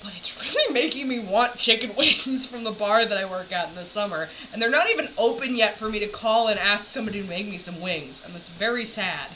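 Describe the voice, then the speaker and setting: A woman's voice: medium pitch, expressive, a little fast, hardly any pauses, noisy background. Rambling woman chatting casually. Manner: rambling, many fillers like "like". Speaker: streamer reacting to videos. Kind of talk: casual chat.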